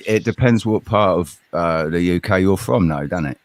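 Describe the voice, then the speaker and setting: A man's voice: low voice, normal speed, no echo. A man on a live panel, teasing the others in casual chat with dry banter. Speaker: panel guest.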